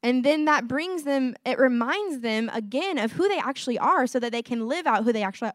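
Youngish woman preaching casual-like, kinda high voice, laughs a lot, says "like" and "you know" all over, dry close sound. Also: expressive, fairly quick, few pauses, dry recording. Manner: warm conversational, laughs often, fillers like "like" and "you know". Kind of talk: casual sermon.

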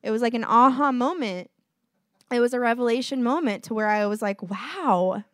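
A woman preaching in a casual, heartfelt way, her voice a little higher than most. She talks straight to her listeners and slips into quick quoted exchanges. The sound is dry and close, with no room echo. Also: fairly bright tone, smooth. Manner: conversational, earnest, quotes voices in dialogue. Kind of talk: informal sermon.

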